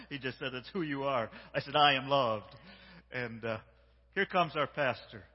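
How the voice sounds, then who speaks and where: A man giving a sermon as a guest preacher, warm and repetitive, drawing the congregation into call-and-response, swinging between hushed words and shouts. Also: mid-range voice, lively intonation, a little slow, breathy edge. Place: large church sanctuary. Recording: dull sound with long hall reverb.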